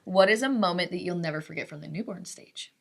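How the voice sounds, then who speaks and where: A woman's voice: on the low side, fast talker, creaky. A woman co-hosting a podcast, asking questions and responding supportively. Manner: warm, encouraging interviewer. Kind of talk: casual chat.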